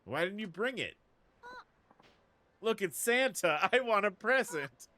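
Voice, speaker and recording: A man voicing eager little children begging for presents, in a high, whiny, pleading tone. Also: expressive, slow pace, sharp tone, slight background noise, exaggerated voice.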